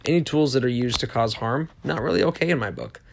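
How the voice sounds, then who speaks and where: A man hosts a solo motivational podcast, talking earnestly and ramblingly, often restarting and repeating short, emphatic affirmations. His medium-pitched voice is animated and fast, with vocal fry.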